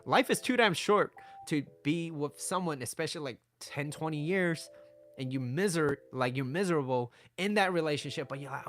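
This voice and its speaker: A man's voice: a little high, normal speed. A man giving dating advice in a direct monologue, blunt and emphatic, often checking in with "right?" and "okay?".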